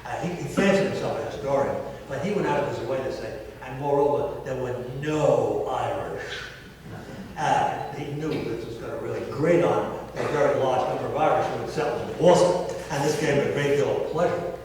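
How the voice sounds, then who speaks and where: A man's voice: mid-range voice, fairly quick, darkish tone. An older American man, a historian, telling history as a lecture with wry storytelling asides. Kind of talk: public history talk. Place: historic hall, indoors. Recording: echoey hall from far off.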